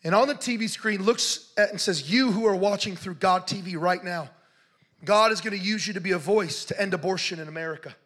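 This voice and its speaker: A man telling a story in a sermon, passionate and building to shouts as he preaches. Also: high voice, a little fast.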